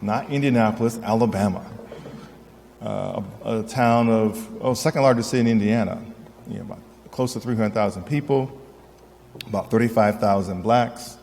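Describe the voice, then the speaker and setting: A man speaks earnestly to a gathered audience, often tagging his points with "right?". His voice sits low and mellow. The sound carries the long reverb of a large hall. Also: normal speed, vocal fry, slight background noise. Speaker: historian speaker. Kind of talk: public lecture. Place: event hall.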